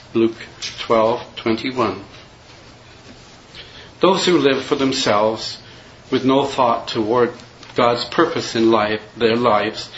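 A man preaching a sermon in a measured, earnest way, reading and quoting scripture verses. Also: medium pitch, a bit bright, lo-fi sound, a little hiss or hum.

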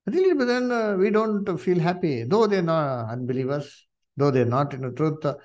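Man, Indian English accent, preacher, sermon, impassioned, fairly high voice, lots of "you see". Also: normal speed, darkish tone.

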